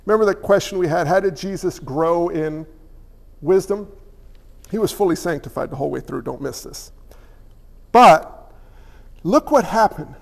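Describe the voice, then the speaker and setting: A man preaching a sermon as pastor, animated and acting out little voices along the way. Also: high voice, normal speed, gravelly, pauses often, in a large hall.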